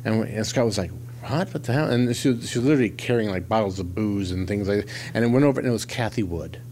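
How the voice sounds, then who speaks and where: A man's voice: fairly low pitch, fast talker, a little hiss or hum. A man telling a behind-the-scenes story in a casual interview, acting out the voices of the people he quotes. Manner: animated, acts out quoted voices. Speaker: film crew member recounting an anecdote.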